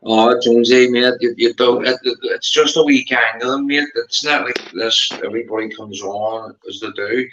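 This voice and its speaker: A man's voice: mid-range voice, steady tone, normal speed, hardly any pauses, fairly bright tone, echoey room, highs cut off. A man with a Northern Irish accent in rambling casual chat, repeating himself and calling his friend mate. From Northern Ireland.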